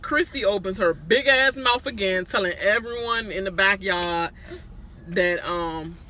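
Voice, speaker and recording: Brief: outspoken woman recapping TV, cutting bright tone, frank and profane. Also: medium pitch. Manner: blunt, profane, animated ranting. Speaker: reality-show recap vlogger. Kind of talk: casual recap commentary.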